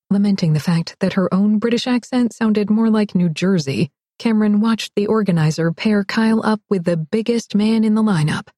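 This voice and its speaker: A woman narrating a romance audiobook in a wry, expressive read. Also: mid-range voice, normal speed, hardly any pauses, no room sound, clean studio sound. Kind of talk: scripted narration.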